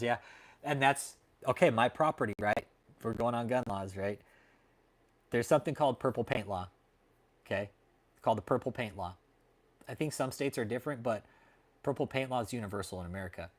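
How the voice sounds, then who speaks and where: A man's voice: mid-range voice, a little fast, pauses often. Profane, laid-back man on a livestream. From Texas. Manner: laughs often at his own jokes. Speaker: livestream host. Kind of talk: casual livestream chat with viewers.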